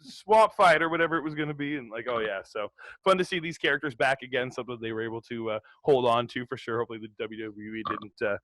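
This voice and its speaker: A man co-hosting a casual wrestling podcast, chatty and quick to laugh, sometimes slipping into mock voices. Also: mid-range voice, sharp tone, no echo. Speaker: podcast co-host.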